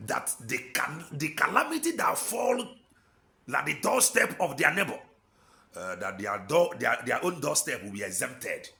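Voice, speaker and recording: A man's voice: on the high side, very animated, normal speed, gravelly, pushed and bright. A man with an Igbo Nigerian accent preaching an impassioned sermon, exhorting with rhetorical questions and slipping in and out of Igbo.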